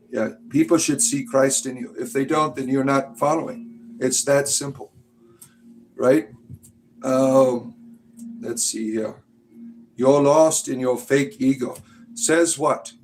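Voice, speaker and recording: Gravelly-voiced man rambling on a stream. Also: mid-range voice, darkish tone, a little hiss or hum. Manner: rambling, blunt and jokey, coos at his pets. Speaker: spiritual comedy streamer. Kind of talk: casual livestream chat.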